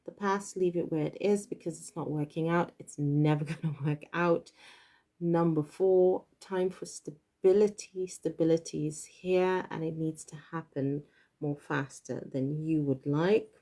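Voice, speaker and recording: Woman, card reader, casual chat, giggly, warm mellow tone. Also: low voice, steady tone, unhurried. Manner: chatty, giggles often. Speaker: tarot reader. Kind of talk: casual card reading to viewers.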